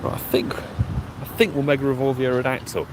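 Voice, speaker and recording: Outdoors beside a road, with clear traffic noise, a man from the United Kingdom hosts a live stream, chatting casually, greeting viewers by name and catching his breath. His mid-range voice is brisk and flat in delivery.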